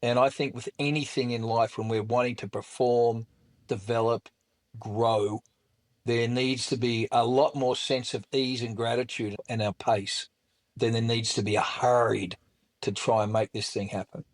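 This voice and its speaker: A man's voice: mid-range voice, fairly even intonation, normal speed. Middle-aged male guest, candid storyteller with a blunt, colorful delivery. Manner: blunt and colorful, with mild swearing. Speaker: guest, author and speaker.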